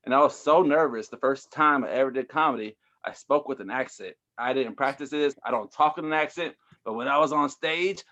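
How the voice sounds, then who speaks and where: A man's voice: medium pitch, a little fast, fairly bright tone, lo-fi sound. A man, a stand-up comedian, telling his story in a loose, rambling interview chat full of fillers. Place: Houston area.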